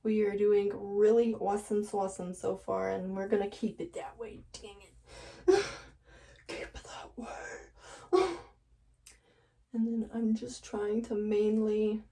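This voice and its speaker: A woman's voice: mid-range voice, takes it slowly, long pauses, dark tone, distant mic, poor audio. A woman vlogger chatting nervously to the camera while she dyes her hair, laughing often. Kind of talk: casual chat to camera while dyeing hair. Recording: voice a bit off-mic.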